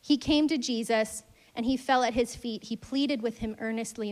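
A woman teaches a relaxed Bible lesson, retelling the stories with lively energy. Her voice sits a little high, and she slips into the voices of the people she quotes. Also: normal speed. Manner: animated storytelling, acts out quotes.

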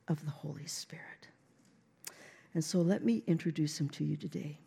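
A woman's voice: medium pitch, creaky, warm tone, breathy edge. A woman preaching a sermon in a church, building to emphatic declarations. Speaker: guest preacher. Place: church sanctuary.

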